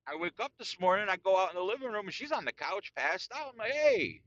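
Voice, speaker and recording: Lively, bright-voiced man ranting crudely. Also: sits high, fast talker, lo-fi sound. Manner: crude, profane and boastful, peppered with "dude". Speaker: podcast host. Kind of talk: casual solo podcast rant.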